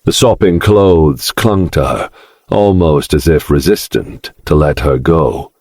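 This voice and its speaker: Deep, unhurried, husky male narrator for a brooding romance audiobook, dry close mic. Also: no room sound. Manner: slow, brooding, dark delivery.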